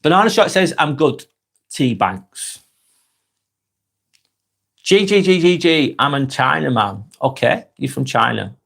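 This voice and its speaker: A man in his forties with a Northwest English accent, getting over a cold, reading out viewers' comments and chatting back in a relaxed, friendly way. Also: medium pitch, unhurried, gravelly, long pauses, slightly rough. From Northwest England. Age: 40s. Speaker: live stream host reading comments. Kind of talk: casual live chat.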